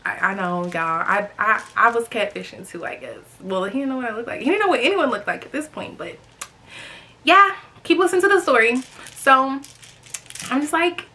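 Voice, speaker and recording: A young woman hosting a storytime vlog, chatty and animated, talking straight to her viewers and acting out other people's voices. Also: mid-range voice, moderate pace. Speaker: vlogger host.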